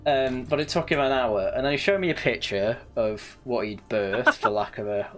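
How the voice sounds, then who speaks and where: A man's voice: mid-range voice, normal speed. Young northern English male gamer, slightly posh, chatty storyteller, mid-range voice. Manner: rambling anecdotes with frequent laughs and self-corrections. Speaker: gaming channel host. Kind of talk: casual let's-play chat.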